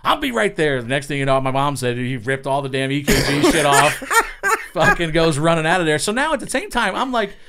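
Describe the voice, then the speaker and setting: Man, middle-aged, from Long Island, quick-paced, profane storyteller, acts out quotes. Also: fairly high pitch, sharp tone, smooth. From Long Island, New York. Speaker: racing spotter, guest. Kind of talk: casual storytelling.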